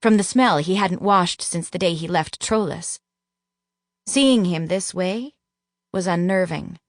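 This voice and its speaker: A woman narrating a first-person audiobook in a measured, even reading. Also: on the low side, dry recording, clean studio sound.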